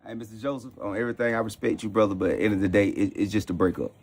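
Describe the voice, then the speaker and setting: A defensive young ex from a comedy skit, played by a man who talks in a low voice. He rattles his words out very fast and dismissively. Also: steady tone, a little mellow.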